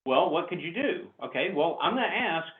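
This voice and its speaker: A man running a sales training class, animated and coaching, acting out customer exchanges over a video call. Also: fairly high pitch, fairly quick. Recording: echoey, tinny call audio.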